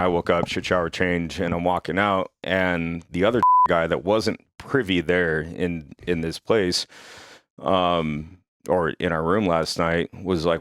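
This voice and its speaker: A young man hosting a podcast, telling a story in a casual, profane and animated way. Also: low-pitched, no echo, clean studio sound. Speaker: podcast host.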